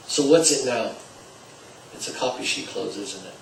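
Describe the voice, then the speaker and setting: A sales trainer with a gravelly, mid-range voice teaches salespeople through a story, acting out the dialogue expressively with swings in volume at a moderate pace. The recording sounds roomy, with a distant mic, faint ambience and slight background noise.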